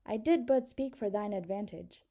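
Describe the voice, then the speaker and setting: A woman reads an audiobook in the role of a proud sorceress who mocks, tempts and commands in honeyed, archaic speech. Her mid-range voice is warm, close to everyday speech, at normal speed.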